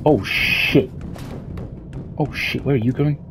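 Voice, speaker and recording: A man's voice: mid-range voice, slow, rough recording. A young man commenting on a horror game as he plays, swearing a lot and yelping when something startles him. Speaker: gameplay streamer. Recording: game music loud behind voice.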